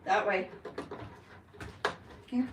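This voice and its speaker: A woman's voice: very slow, a little hiss or hum. A woman chats on a casual live stream, switching to a coaxing pet voice for her bird. She sits back from the microphone in a reverberant room at home. Faint running water is heard behind her. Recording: roomy, distant mic, faint running water.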